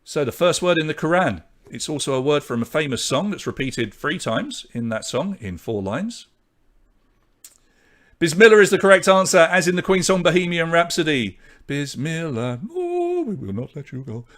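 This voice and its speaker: A man hosting a live online pub quiz, from Britain, briskly reading out questions, answers and scores and chatting with viewers. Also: on the high side, expressive, a bit bright.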